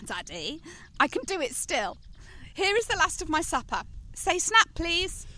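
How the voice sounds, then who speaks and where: Woman playing a high, lively young daughter. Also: unhurried, heavily acted. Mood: coaxing. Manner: coaxing, bright and affectionate. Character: eager young daughter, playful and adoring. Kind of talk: amateur radio play acting.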